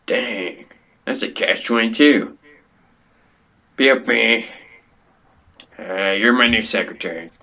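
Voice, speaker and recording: A man hosting a comedy podcast, deadpan and zany by turns. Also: fairly low pitch, takes it slowly, creaky, long pauses. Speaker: comedy show host. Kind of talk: comedic character host.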